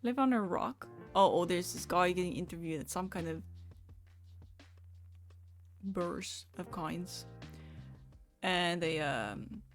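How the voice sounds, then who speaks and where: A woman's voice: on the low side, slow pace, long pauses, faint music behind. Giggly Dutch-accented woman streamer. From Netherlands. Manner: giggly, chatty, laughs often. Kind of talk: casual live-stream chat.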